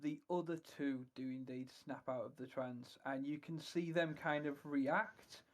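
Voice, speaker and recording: A man's voice: on the high side, steady tone, measured pace. A man narrating as dungeon master in a tabletop game, hesitant and full of "kind of" and "um".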